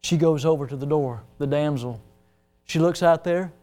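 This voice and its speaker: A man in his sixties from the United States, a pastor preaching an impassioned sermon, moving from hushed to loud. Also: on the high side, normal speed, faint music behind.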